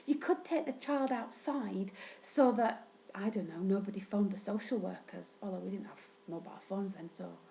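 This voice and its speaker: A woman telling a funny childhood story in a wry, deadpan vlog monologue, swearing now and then. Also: low-quality recording. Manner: wry, deadpan, sweary humor with sudden pitch jumps. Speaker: vlogger recounting childhood.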